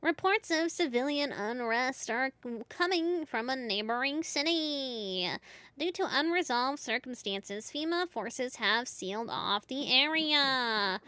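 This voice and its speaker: A woman voicing a formal female TV news anchor in a video game, reading bulletins in a measured, official way. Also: high voice, lively intonation, pushed and bright, clean tone, dry recording, full character voice. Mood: grave. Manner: measured, official broadcast delivery.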